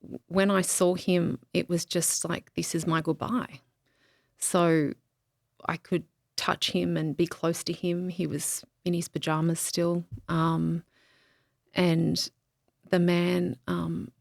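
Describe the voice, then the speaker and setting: A woman guest on a podcast, telling a deeply personal story in a halting way, with many pauses and restarts. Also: little pitch movement, vocal fry, dry recording, studio quality. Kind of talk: emotional interview, personal story.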